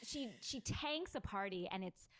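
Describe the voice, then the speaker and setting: A woman guest on a casual podcast, playful and emphatic, quick to laugh. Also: medium pitch, animated, fairly bright tone.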